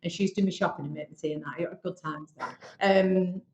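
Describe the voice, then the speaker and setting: A business owner from Bolton, England, speaks with a Northern English accent as a podcast guest, telling stories in a frank, chatty way with some swearing. Her voice is lowish, steady, fast and darkish, with lo-fi sound and a roomy echo.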